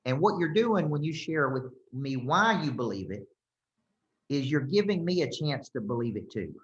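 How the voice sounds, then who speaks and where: A man's voice: mid-range voice, expressive, normal speed. A man coaching a group, speaking emphatically and checking in often with "okay?" and "right?". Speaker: business coach. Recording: roomy, slightly dull sound.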